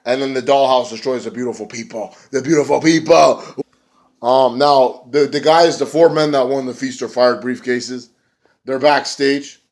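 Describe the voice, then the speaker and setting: A man's voice: medium pitch, fairly even intonation, moderate pace. A man giving a casual, rambling recap of a wrestling show, with swearing and many fillers.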